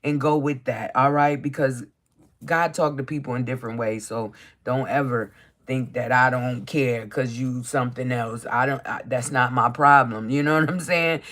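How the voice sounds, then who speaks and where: Easygoing live card reader, reads affirmations slow then riffs on them, keeps asking okay?. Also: mid-range voice, steady tone, a bit bright. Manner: chatty and encouraging, tags nearly every sentence with "okay?". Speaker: tarot card reader hosting a live stream. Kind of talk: casual live-stream card reading.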